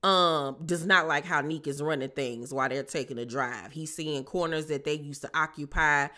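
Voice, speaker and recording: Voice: mid-range voice, moderate pace, sharp tone. A channel host giving a casual recap of a TV episode, sassy and full of slang, with frequent asides to viewers.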